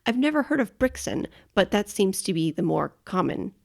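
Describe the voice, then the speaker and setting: A woman's voice: medium pitch, big pitch swings, moderate pace, vocal fry. A woman co-hosting a casual travel podcast, enthusiastic and informative, often correcting herself. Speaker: podcast co-host. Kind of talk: casual chat.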